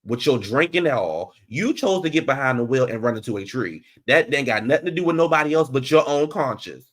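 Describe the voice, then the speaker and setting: A man talking through a reality show recap in a sassy, animated way. His voice sits at an ordinary middle pitch. He swings from loud, high outbursts down to low, muttered asides. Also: a little fast. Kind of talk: casual recap commentary.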